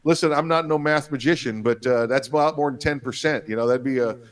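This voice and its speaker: A man co-hosting a political talk show in a rambling, sarcastic way, often slipping into mock voices of officials. His voice sits at a middle pitch and sounds a little distant from the microphone. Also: quick pace. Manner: rambling, sarcastic, acts out quoted bureaucrats. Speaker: co-host. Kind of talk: casual political commentary.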